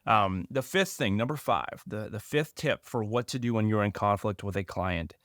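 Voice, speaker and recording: A man's voice: fairly low pitch, moderate pace, fairly bright tone, no room sound, studio quality. A man co-hosting a podcast, laying out tips step by step in an emphatic, casual way. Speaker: podcast co-host. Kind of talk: casual advice chat.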